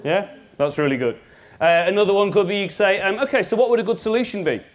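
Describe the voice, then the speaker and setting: A man giving a live workshop talk as a business trainer, lively and jokey, speaking straight to his audience. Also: high-pitched, fast talker.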